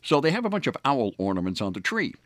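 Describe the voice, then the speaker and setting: A man's voice: mid-range voice, huge pitch swings, fast talker, fairly bright tone, no room sound. A man hosting a morning radio show, telling stories in a rambling way with many fillers and restarts. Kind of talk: casual on-air storytelling. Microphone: studio microphone.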